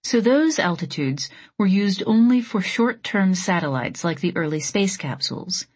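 A woman narrating an audiobook in a steady, measured reading. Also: medium pitch, slightly rough. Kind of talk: scripted narration.

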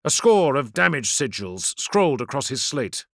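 A man's voice: medium pitch, big pitch swings, moderate pace, a bit bright, dry recording, studio quality. A man reading a science fiction audiobook in a dramatic, vivid narration style.

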